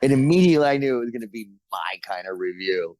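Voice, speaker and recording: A man's voice: lowish voice, expressive, fast talker, a little mellow, no echo, poor audio. A man, an actor as podcast guest, telling stories in casual chat with frequent chuckles. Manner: laid-back storytelling, chuckles often.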